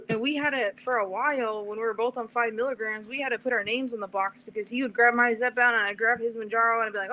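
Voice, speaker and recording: A woman's voice: fairly high pitch, fast talker. A woman as an interview guest, chatting casually and acting out the people in her stories. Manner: animated storyteller, acts out quotes. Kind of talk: casual chat.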